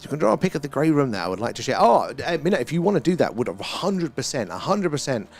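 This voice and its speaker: Man, middle-aged, gravelly, casual live-stream chat, rambling, laughs a lot, faint background music. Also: on the high side, sing-song, fast. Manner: chatty and rambling, laughs often, trails off with fillers.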